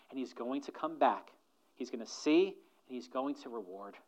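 A man preaching a sermon as pastor, swinging from loud emphatic lines to hushed near-whispers and slowing down to stress key phrases. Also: mid-range voice. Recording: dull, muffled sermon recording.

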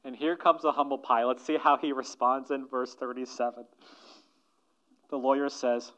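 A man preaching a sermon as pastor, swinging from loud emphatic lines to hushed near-whispers and slowing down to stress key phrases. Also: mid-range voice, little pitch movement. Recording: dull, muffled sermon recording.

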